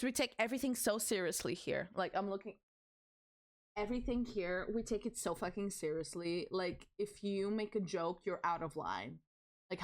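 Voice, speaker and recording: A young woman streamer chatting casually with her viewers, excitable and teasing, swearing freely and laughing often. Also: medium pitch. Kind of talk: casual livestream chat with viewers.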